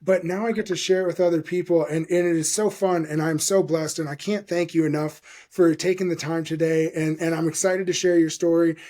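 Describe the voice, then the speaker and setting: A man's voice: a little high, fairly even intonation, brisk, hardly any pauses, dark tone. A man in his forties hosting a podcast, talking in an enthusiastic, rambling way with lots of swearing and fillers. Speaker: podcast host. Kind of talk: casual interview chat.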